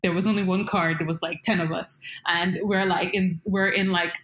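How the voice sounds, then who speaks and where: Animated young woman in an echoey room. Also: moderate pace. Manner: animated, acts out her panicked past self in high squeals. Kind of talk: casual storytelling chat.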